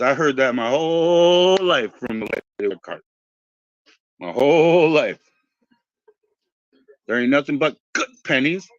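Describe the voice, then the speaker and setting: A man's voice: mid-range voice, animated, measured pace, long pauses, no echo. A man in his forties in casual chat, wandering through tangents and swearing freely. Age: 40s. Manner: meandering, profane, tangents. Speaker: podcast host. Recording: dull lo-fi dry recording.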